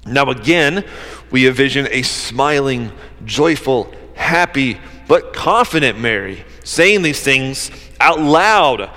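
A man's voice: medium pitch, expressive, slow pace, sharp tone. A man preaching a sermon in an earnest, conversational way, with casual asides. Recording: long hall reverb.

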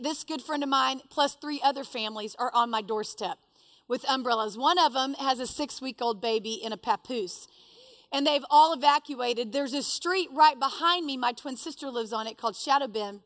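A woman telling a personal story to a live audience, animated and self-deprecating. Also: high voice, dry recording.

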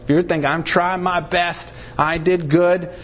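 Unhurried and backed by a faint hiss or hum, a male pastor preaches with animation, stressing key words and letting his pitch swing widely. Along the way he performs short exchanges between God and a sinner.

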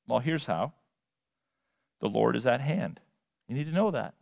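A male pastor preaching a sermon, emphatic, swinging between loud and quiet and repeating words for effect. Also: medium pitch, animated, measured pace, gravelly, pauses often. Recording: long hall reverb.

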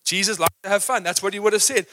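Bright high-voiced preacher. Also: male voice, fast. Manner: energetic, rousing, acts out examples. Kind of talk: live sermon. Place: church auditorium. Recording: live church hall reverb.

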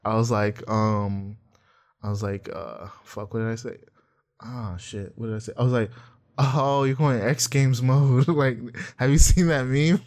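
A man's voice: on the low side, normal speed. Laughing young man in loose chat. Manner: loose, laughing, profane storytelling with acted quotes. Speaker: podcast co-host. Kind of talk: casual chat.

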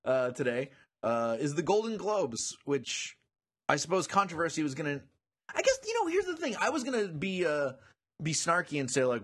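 Male podcast co-host, husky voice, lively pitch, quick to laugh. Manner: animated, laughs often. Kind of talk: casual chat.

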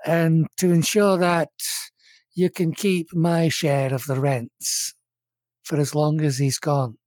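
A game master voicing an older male crime boss who speaks in a measured, formal and courteous way. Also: medium pitch, level tone, a little mellow, no echo, natural voice. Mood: businesslike.

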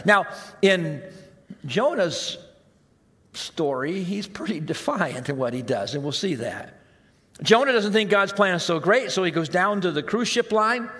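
A male pastor preaching a sermon in a conversational way, moving between raised emphasis and hushed, slow asides. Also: high voice. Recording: long reverb of a large hall.

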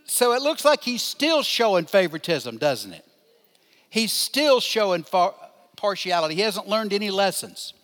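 An older man teaching a Bible lesson in a high, light voice. He talks in a conversational way, asking his listeners questions and taking up their answers. His voice rings out with a long reverb in a large church hall. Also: sing-song, moderate pace, a bit bright. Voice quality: asks the listeners questions and responds to them. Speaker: pastor teaching a Bible class.

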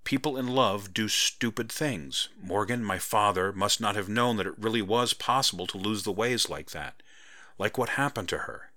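A man's voice: fairly low pitch, normal speed, pushed and bright, no echo, studio quality. A man voicing a wary, questioning young woman in a hesitant, searching manner. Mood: musing.

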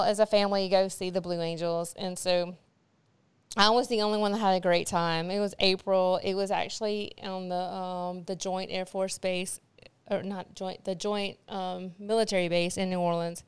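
Smooth-voiced chatty woman storyteller. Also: mid-range voice, no echo. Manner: chatty storyteller, frequent fillers and laughter. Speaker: podcast co-host. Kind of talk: casual chat.

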